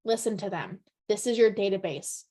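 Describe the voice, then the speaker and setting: A woman's voice: medium pitch, moderate pace, mellow. A woman leading a real estate team training, upbeat and chatty, often checking in with "right?". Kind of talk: training presentation to colleagues.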